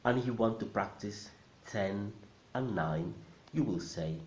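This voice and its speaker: A man teaching a language in a video lesson, lively and emphatic, repeating words slowly for practice. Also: on the low side. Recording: echoey room, dull lo-fi sound.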